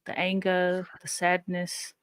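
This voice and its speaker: A woman's voice: on the low side, completely flat delivery, slow pace, smooth, no echo. Woman, podcast co-host, emotional and laughs easily, dry close mic. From Samoan family. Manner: emotional, giggly, reads quotes aloud. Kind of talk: casual podcast chat.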